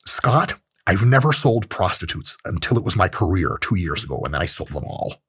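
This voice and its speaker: A man putting on a boastful, self-important male influencer, speaking in a deadpan mock-serious brag with a deeper, quieter voice than his own. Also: moderate pace, husky, full character voice. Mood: swaggering.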